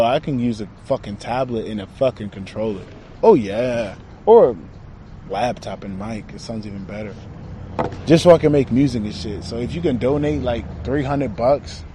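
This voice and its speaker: A man's voice: a little high, warm tone, slight background noise. A young man talking casually in a rambling spiritual monologue, slangy and trailing off, recorded outside. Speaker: self-described channeler.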